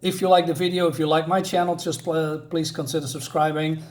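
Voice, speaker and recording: A man's voice: fairly high pitch, little pitch movement, brisk. Rambling man reviewing a comic. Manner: rambling, heavy with filler words and restarts.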